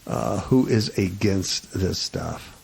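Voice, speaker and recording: A man's voice: low voice, very animated, takes it slowly, vocal fry, a little mellow, poor audio. A man hosting a radio talk show, chatting casually in a sarcastic, mocking way. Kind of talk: casual chat.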